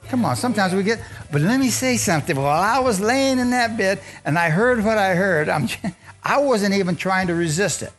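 A man's voice: high-pitched, animated, fairly quick, a bit bright. Older man preaching a fervent sermon. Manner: fervent, leads congregation in call-and-response and prayer. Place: church service.

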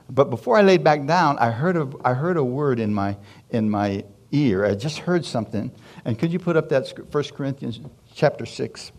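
A man's voice: mid-range voice, darkish tone. Man preaching a personal testimony. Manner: storytelling with questions to the congregation and chuckles. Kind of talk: sermon testimony.

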